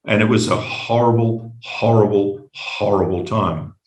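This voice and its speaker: A middle-aged Australian man telling his personal story as a podcast guest, halting and reflective, often repeating words. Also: lowish voice, fairly even intonation, reverberant, poor audio.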